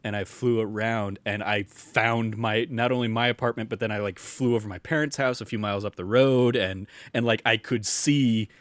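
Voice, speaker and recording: Rambling young man, low voice. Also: fairly even intonation, moderate pace, hardly any pauses, dry recording. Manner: rambling, many fillers and restarts. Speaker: podcast co-host. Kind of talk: casual chat.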